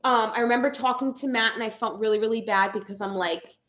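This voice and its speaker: A woman's voice: on the high side, fast talker, fairly bright tone. A young woman vlogger casually chatting to her viewers and telling a story, acting out what people said. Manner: chatty storytelling, acts out quotes. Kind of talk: casual livestream chat.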